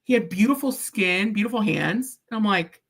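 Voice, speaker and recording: A woman's voice: medium pitch, normal speed, fairly bright tone, slightly rough. A woman chatting on a live stream while she cuts paper crafts, blunt and joking, often laughing and tagging her sentences with "right?".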